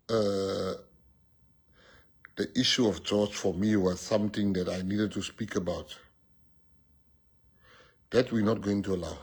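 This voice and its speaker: A man's voice: on the low side, darkish tone, husky. A man with a South African accent giving a rousing, joking political speech and switching languages.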